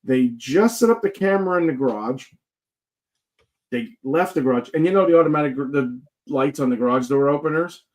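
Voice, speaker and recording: A man's voice: mid-range voice, lively intonation, a little fast. Casual man, joking guest storyteller, rambling, filler-heavy chat. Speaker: guest paranormal investigator.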